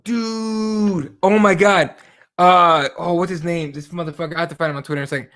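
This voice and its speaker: Male podcast co-host with a high voice, casual and profane, acts out stories. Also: a little fast. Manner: profane, animated storytelling with quoted exchanges.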